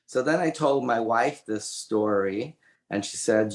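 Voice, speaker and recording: An older man, an author and illustrator, telling a personal story as an interview guest in a halting way with many fillers and restarts. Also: mid-range voice. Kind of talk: conversational storytelling. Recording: roomy echoey audio.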